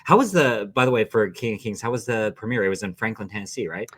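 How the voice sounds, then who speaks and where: A man interviewing a guest, warmly enthusiastic and quick to agree and laugh. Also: on the low side. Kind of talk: casual interview chat.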